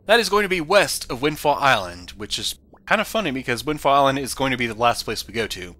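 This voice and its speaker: A man giving casual, animated commentary over his gameplay, now and then yelling at the game. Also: mid-range voice, fast talker. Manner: animated, bursts into loud excited yelling at the game. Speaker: let's play commentator.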